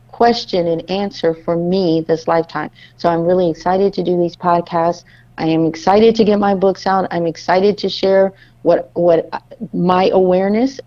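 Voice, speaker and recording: A woman with a warm, mellow voice tells a family story in relaxed podcast chat. She acts out the lines of her children and husband as she goes. The sound is a little dull and lo-fi. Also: lowish voice. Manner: animated storyteller acting out family dialogue. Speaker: podcast co-host.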